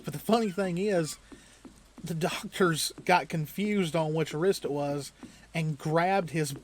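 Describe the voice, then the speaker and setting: A man hosting a let's play, casually telling a long story while he plays a video game, often chuckling and rambling with restarts. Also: fairly high pitch. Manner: loose, rambling delivery with restarts.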